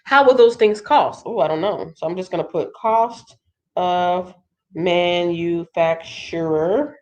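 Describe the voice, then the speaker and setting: A woman with a lowish voice hosts a casual livestream. She sounds stuffed up and congested, and she chats loosely as she thinks aloud. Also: expressive, moderate pace. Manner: chatty, thinking aloud with fillers. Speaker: livestream host.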